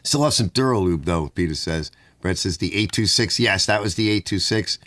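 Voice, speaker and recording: A man's voice: sits low, normal speed, fairly bright tone, no room sound. A middle-aged man hosting a casual livestream from his garage, reading viewer comments aloud and chatting. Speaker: livestream host reading chat. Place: home garage.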